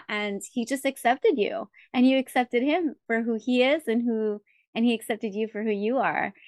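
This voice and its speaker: A woman's voice: on the high side, no room sound, clean studio sound. A woman hosting a podcast interview who reflects back and affirms what her guest says. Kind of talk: casual interview chat.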